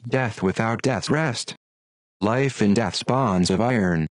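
Synthetic male audiobook voice, low and dry. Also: slow, dry recording, poor audio. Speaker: audiobook narrator. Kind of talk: text-to-speech narration of a classic story.

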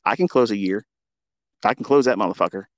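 A man's voice: fairly low pitch, quick pace, no room sound. A man hosting a live audio room, ranting in a combative, taunting way with heavy swearing. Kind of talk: profane ranting monologue. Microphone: remote audio call.

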